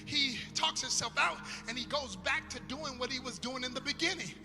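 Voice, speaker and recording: A man preaching a sermon in a sing-song, chanting style that swells into shouts. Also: very high-pitched, moderate pace, long reverb tail, music in the background.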